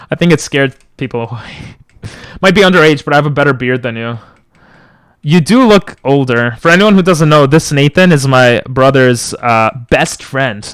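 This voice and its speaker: A young man chats loosely on a live stream, joking and wandering from topic to topic as he reads his chat. His voice sits a touch high and sounds smooth and clean. The close boom mic gives it a dry, in-your-ear sound with no room around it. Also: fairly bright tone, dry recording. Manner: rambling, joking, answering chat. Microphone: boom mic close to the mouth.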